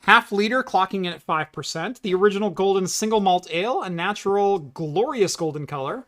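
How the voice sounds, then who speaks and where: A man's voice: sits high, animated, fairly quick, a bit bright. A man co-hosting a casual tech podcast, reading labels aloud and mock-ranting about pronunciation. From United States. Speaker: podcast co-host. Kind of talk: casual chat.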